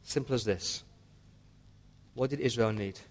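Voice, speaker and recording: A man's voice: mid-range voice, measured pace. Earnest pleading male preacher. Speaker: pastor. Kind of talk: sermon.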